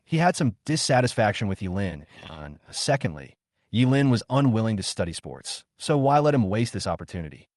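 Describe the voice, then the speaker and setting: A man narrating a comic story recap in a steady storytelling manner. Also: lowish voice, dry recording, clean studio sound.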